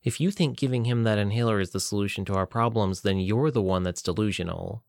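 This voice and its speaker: A man's voice: fairly low pitch, fast talker, vocal fry, darkish tone, no echo, studio quality. A man voicing a tough young woman fighter who speaks sardonically and bossily. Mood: scolding. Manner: sardonic, bossy.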